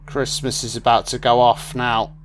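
A man's voice: medium pitch, little pitch movement, moderate pace, a little hiss or hum. Sarcastic man swearing through a film. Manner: sarcastic, heavy swearing, irreverent. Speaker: film commentator. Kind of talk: casual profane movie commentary.

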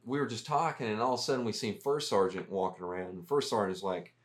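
A man's voice: on the low side, lively intonation, fairly quick, few pauses. A man, an army veteran guest, telling rambling, profane, self-mocking stories on a casual podcast.

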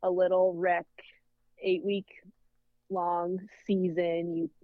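A woman in her thirties with a lowish voice talks things through in a casual interview as a soccer coach. Her manner is thoughtful and conversational. The recording is dry and a little dull. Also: flat delivery, takes it slowly, no echo.

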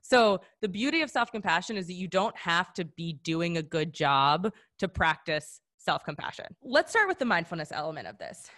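A woman's voice: on the low side, very animated, moderate pace, hardly any pauses. A woman facilitating a live online workshop over a video call, encouraging and conversational, often checking in with "right?". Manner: warm, encouraging, conversational with many "right?" tags.

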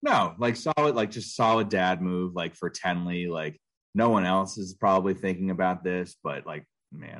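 A man's voice: deep voice, moderate pace, a bit bright. A man in his thirties co-hosting a casual podcast, rambling with lots of filler words. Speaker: podcast co-host. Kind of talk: casual chat.

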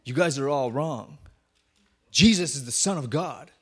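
A pastor doing a blunt, zealous convert. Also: male voice, medium pitch, expressive, measured pace, a bit bright, slightly rough, voice pushed down. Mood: insistent. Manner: insistent, preachy. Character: zealous young male convert, blunt and insistent.

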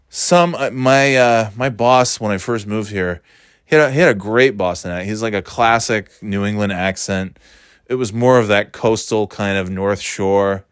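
A man rambles in casual chat, often restarting his sentences and swearing offhandedly. His voice sits low. The sound is dry and close, with no room echo. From New York.

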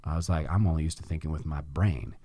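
A man's voice: a bass voice, fast, dark tone, husky, no room sound. A middle-aged man hosting a podcast, telling a personal story in casual conversation and acting out his own past reactions. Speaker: podcast host.

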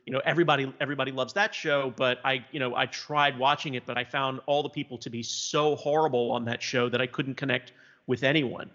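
A man from South Louisiana muses casually about television, circling his points with frequent fillers. His voice sounds bright and forward. The recording is dull and lo-fi, with a long reverb tail. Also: mid-range voice, steady tone, fairly quick. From South Louisiana, USA. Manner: thoughtful, hesitant, many fillers.

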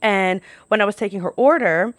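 A woman's voice: medium pitch, normal speed, dry recording. A young woman from New York telling stories in a casual podcast monologue, chatty and profane, full of "like". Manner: chatty, lots of "like", profane asides. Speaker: podcast host.

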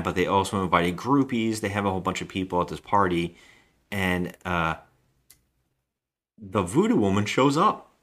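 A man's voice: low-pitched, a bit bright. A man co-hosting a casual movie review chat, retelling the plot at length and acting out the characters' lines. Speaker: podcast co-host.

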